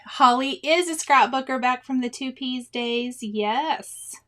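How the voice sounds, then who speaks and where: A high-voiced woman in her forties talks casually through a cross-stitch livestream. She reads viewers' comments aloud, laughs often and keeps breaking into exclamations. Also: slow pace, fairly bright tone. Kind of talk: casual chat reading live comments.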